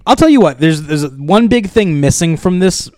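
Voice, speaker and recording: A man in casual podcast chat, his voice jumping around with animated, lively pitch. He jokes and swears freely as he riffs on a movie. The sound is dry and close. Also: normal speed, no room sound. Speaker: podcast co-host.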